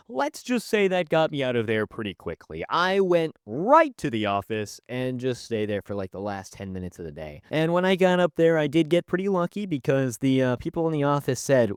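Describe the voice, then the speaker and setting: A man narrating a storytime in an animated, conversational, wry way. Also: medium pitch, normal speed, hardly any pauses, smooth, no room sound, clean studio sound. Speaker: storytelling youtuber.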